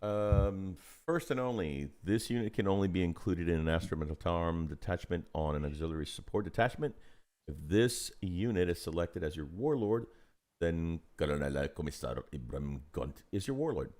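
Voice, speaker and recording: A man's voice: sits low, lively intonation, normal speed, darkish tone. A man co-hosting a casual gaming live stream, playful and laughing often as he reads game rules aloud. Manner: playful, laughing often, breaks into jokey voices. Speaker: co-host of a tabletop gaming live show.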